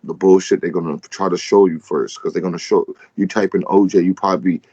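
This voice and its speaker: A man's voice: low voice, fairly even intonation, fairly quick, mellow, dry recording, muffled recording. A man co-hosting a casual podcast, talking loosely with lots of fillers. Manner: loose and conversational, many "um"s and "man"s. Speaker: podcast co-host.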